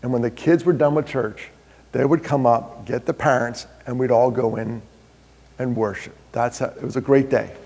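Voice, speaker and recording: A man's voice: mid-range voice, steady tone, normal speed, darkish tone. A man giving a conversational storytelling talk to an audience, full of self-deprecating humor. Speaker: guest speaker. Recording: long hall reverb.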